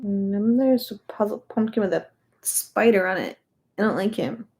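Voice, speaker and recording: A young woman hosting a relaxed puzzle video, chatting as she sorts and fits pieces. She sounds amused and easygoing, and sometimes talks to the pieces as if they were people. Her voice sits at an ordinary middle pitch for a woman. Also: normal speed. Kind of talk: casual chat while doing a jigsaw puzzle.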